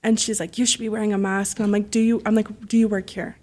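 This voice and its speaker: A woman telling stories as a podcast guest, animated and freely swearing, acting out the voices of people she quotes. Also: medium pitch, fast talker. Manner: heavy use of "like" fillers. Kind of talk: casual storytelling.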